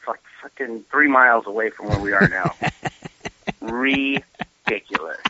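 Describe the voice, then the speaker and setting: Guy with a really bright sharp voice telling stories, cussing, dull dry sound. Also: mid-range voice, very animated, moderate pace, gravelly, no room sound. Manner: swears freely, tells stories with quoted asides. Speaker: podcast guest. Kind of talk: casual chat.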